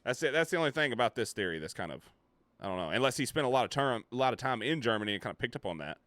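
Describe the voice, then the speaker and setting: A man's voice: medium pitch, sing-song, rapid-fire, fairly bright tone, no echo. A man streaming a reaction to a video, thinking aloud in casual commentary with fillers and restarts.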